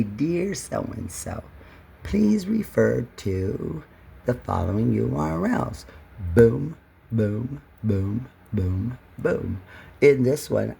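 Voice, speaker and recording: A man's voice: medium pitch, gravelly, warm tone, slight background noise. A man vlogging in a rambling, emotional monologue, full of repeats and restarts. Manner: emotional, repetitive, many restarts with "well".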